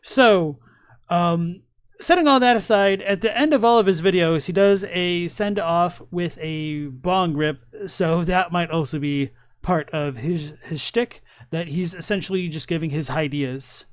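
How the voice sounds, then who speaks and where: A man's voice: high-pitched, unhurried, clean tone, no room sound. A young man casually commenting on a live stream, rambling a little and restarting his sentences. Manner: relaxed, rambling, many fillers and restarts. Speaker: streamer reacting to videos.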